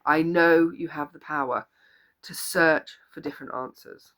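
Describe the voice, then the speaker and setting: A woman's voice: low-pitched, fairly even intonation, unhurried, a bit bright. A woman life coach giving an earnest, encouraging motivational talk to the camera, repeating key phrases for emphasis. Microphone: camera or phone video.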